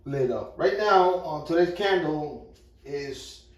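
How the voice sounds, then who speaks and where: A man's voice: on the high side, lively intonation, slow pace, lo-fi sound. A middle-aged man telling a rambling, profane story in a casual way while he cooks in his kitchen. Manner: rambling, profane, repeats himself. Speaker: vlogger. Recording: echoey room, mic far off.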